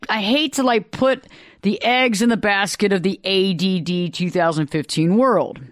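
Smooth-voiced radio talk host. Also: medium pitch, fairly bright tone, no room sound, clean studio sound. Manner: earnest, storytelling, repeats phrases for emphasis. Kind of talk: solo talk radio monologue. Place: radio studio. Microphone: studio microphone.

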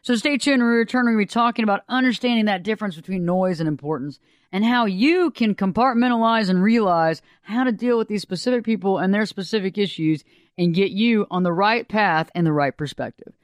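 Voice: mid-range voice, brisk, no room sound, clean studio sound. A radio talk show host, delivering a folksy, conversational monologue.

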